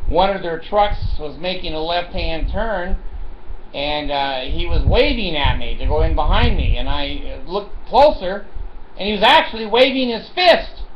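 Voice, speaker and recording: A man's voice: on the high side, expressive, a little slow, dull audio, background noise. Man, vlogger, rambling comic anecdote, chuckling, lots of ums and uhs, roomy echo. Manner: chuckling, full of fillers and asides.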